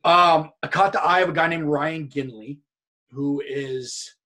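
A man from California, a guest on an interview podcast, telling a long anecdote in a rambling, animated way full of repeats and quoted dialogue. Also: a little high, measured pace. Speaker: interview guest, wrestler and streamer. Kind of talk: casual storytelling in a podcast interview.

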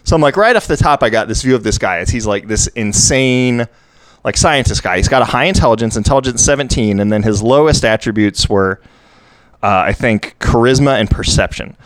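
A young man recounts a tabletop session with animated energy, scattering "like" through his sentences. His voice is smooth and clear. It sits close and dry in the recording. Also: mid-range voice, brisk, no room sound. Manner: animated storyteller, lots of "like". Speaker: podcast co-host. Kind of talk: casual chat, recounting a tabletop game.

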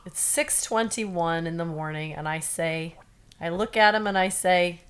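A woman's voice: lowish voice, steady tone, normal speed, smooth. A woman co-hosting a podcast from her bedroom, chatting and telling stories in an easygoing way. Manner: chatty, storytelling. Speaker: podcast co-host. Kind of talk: casual chat. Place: bedroom at home.

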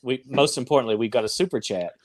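A man's voice: mid-range voice, quick pace, dry recording. A man hosting a casual panel chat, blunt and joking, reading out viewer super chats. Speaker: podcast host, reads super chats.

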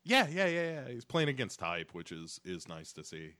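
A man with a bright, ringing voice trades crude jokes on a podcast. He talks casually, dropping film quotes into his banter. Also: deep voice, big pitch swings, moderate pace. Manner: joking, quoting films. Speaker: podcast co-host.

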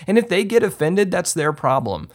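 A man hosting a podcast, giving casual how-to advice in an emphatic way, with lots of ums and restarts. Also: normal speed. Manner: lively swings up in pitch when stressing a point. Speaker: podcast host and filmmaker. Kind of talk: casual instructional talk.

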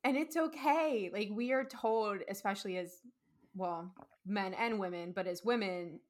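A woman's voice: mid-range voice, unhurried. Enthusiastic woman podcast host. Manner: affirming and enthusiastic, many "mm-hmm"s and "like"s. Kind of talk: casual interview chat.

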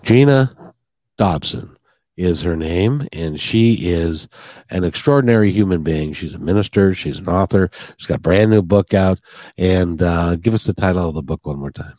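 Podcast host, male, rambling and sincere, slightly low, dry close recording. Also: animated, moderate pace, mellow, no room sound. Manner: rambling, earnest, with many restarts. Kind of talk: heartfelt podcast interview chat.

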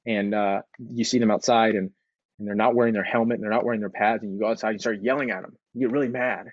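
A man with a lowish voice gives an earnest motivational talk, leaning on repetition to drive his points home. The sound is dry and a little dull, with no room around it. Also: fairly even intonation, fast, dry recording. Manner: earnest, conversational, repeats phrases for emphasis. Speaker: speaker sharing recovery story.

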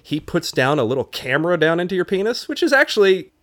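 A man's voice: sits high, fast talker. A man hosting a podcast, telling a long personal story in casual chat and acting out the people in it. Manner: animated storyteller acting out quoted voices. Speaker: podcast host.

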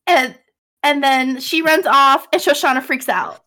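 A woman's voice: high voice, moderate pace, bright, forceful tone. A woman co-hosting a podcast, chatting casually and retelling TV scenes with lots of "like". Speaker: podcast co-host. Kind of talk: casual chat recapping a TV episode.

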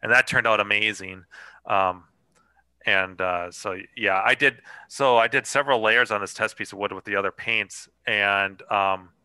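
A man's voice: fairly low pitch, normal speed, sharp tone, clean tone, no room sound, poor audio. A man hosting a podcast in casual chat, rambling with lots of fillers and swearing. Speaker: podcast host.

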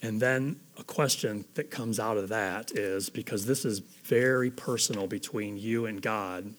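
A middle-aged man preaching a sermon in an earnest, conversational way, speaking more softly and quietly as he goes on. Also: fairly low pitch, measured pace, slight background noise. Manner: earnest, conversational, grows soft and hushed toward the end. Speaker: pastor.

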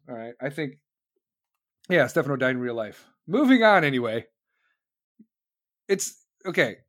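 Profane ranting man, slightly high voice. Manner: loud, animated, heavy swearing, mocking voices. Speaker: show host. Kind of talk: profane rant on a talk stream.

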